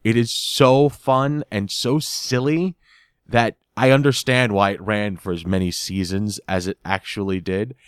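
A man casually recapping a sitcom episode in an animated way. He laughs as he goes and often repeats words while he hunts for the next one. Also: fairly low pitch, measured pace, clear, resonant tone, no room sound, studio quality.

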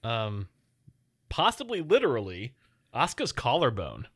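A man's voice: mid-range voice, huge pitch swings, measured pace, fairly bright tone. A man co-hosting a casual podcast, bantering in a teasing, boastful way. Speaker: podcast co-host.

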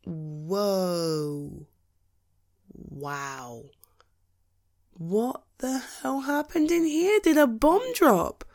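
A woman's voice: mid-range voice, animated, extremely slow, pauses often, a little mellow. A woman in a whispered role-play as a comforting partner, soothing and reassuring, often breaking into giggles.

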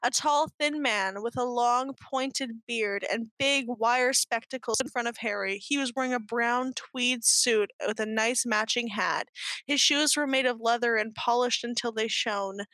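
A woman's voice: a little high, measured pace, bright, forceful tone, dry recording. A woman co-hosting a show, reading fanfiction aloud in a mock-earnest, giggly way. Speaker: podcast co-host.

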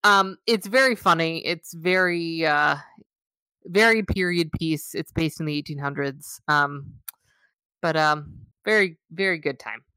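A woman's voice: sits low, a little slow, pushed and bright, smooth, no echo. A woman co-hosting a podcast, chatting casually in a rambling, wry way with lots of fillers. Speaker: podcast co-host. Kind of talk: casual chat.

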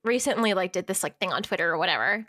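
A woman's voice: fairly low pitch, animated, quick pace, pushed and bright, dry recording. A young woman co-hosting a casual book review chat, informal and swearing freely, laughing often. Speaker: podcast co-host, book critic.

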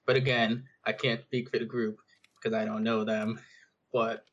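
Man, tabletop player, hesitant, rambling, low flat voice, dull lo-fi sound. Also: unhurried. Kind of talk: tabletop role-play.

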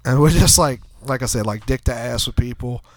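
A podcast co-host from the New Orleans area tells a crude, rambling story full of asides into a handheld mic, speaking briskly in a mid-range voice. His voice is congested and nasal from a cold, and the recording has no room sound.

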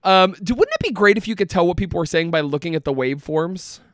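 High-voiced, teasing man on a podcast. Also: lively intonation, fast talker, a bit bright, no room sound, studio quality. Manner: teasing, playful, swearing. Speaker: podcast co-host. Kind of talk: casual chat.

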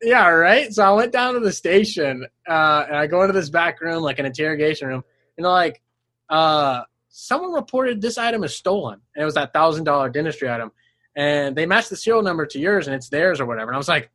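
Young guy w a high voice, swearing a lot, laughing thru his stories. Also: fast, no room sound. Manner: animated storyteller, swears freely, laughs mid-sentence; acts out voices in quoted lines, jumping up high. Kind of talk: casual chat.

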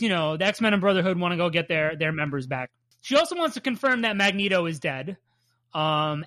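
A woman's voice: mid-range voice, dry recording. A woman co-hosting a podcast, recapping a cartoon episode in casual chat, swearing often and laughing. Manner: swears a lot, animated and laughing. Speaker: podcast co-host.

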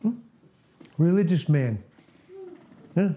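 A man's voice: on the high side, lively intonation, takes it slowly, warm tone. A man in his late sixties preaching an informal, earnest sermon to a small fellowship, often laughing at himself. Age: 60s.

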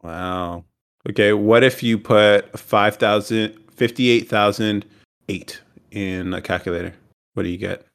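A man with a deep voice, hosting a casual podcast chat and joking as he talks. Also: steady tone, unhurried, smooth. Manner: joking, puts on voices while telling stories. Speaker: podcast host.

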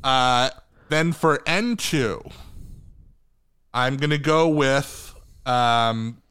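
A man's voice: mid-range voice, extremely slow, a bit bright, clean tone, no room sound. A man co-hosting a podcast in casual chat, joking and rambling, swearing now and then. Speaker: podcast co-host.

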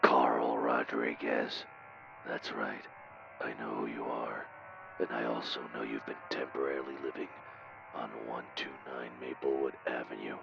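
A voicemail villain who takes his time. His rough, gravelly whisper drags along at the very bottom of the voice, slow and threatening. Music plays behind him on muffled audio. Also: a bass voice, flat delivery, full character voice. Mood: menacing. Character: menacing male stalker caller, cold and patient.

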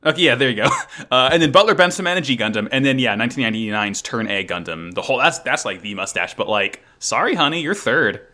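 A podcast co-host in excitable casual chat about an anime, swearing freely. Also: quick pace. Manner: excitable, swears, jumps pitch when thrilled.

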